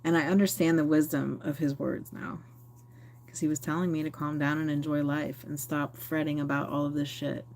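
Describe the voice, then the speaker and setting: A woman's voice: low-pitched, little pitch movement, normal speed, a little mellow, a little hiss or hum. A woman chatting candidly and rambling on a phone livestream, answering viewer comments. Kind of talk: casual live-stream chat.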